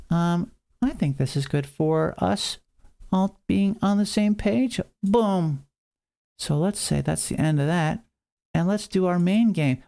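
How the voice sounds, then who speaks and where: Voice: mid-range voice, gravelly, darkish tone. A streamer chatting with viewers and calling a marble race in a playful, hyped announcer style, now and then saying "meow". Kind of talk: live stream chat and playful race commentary.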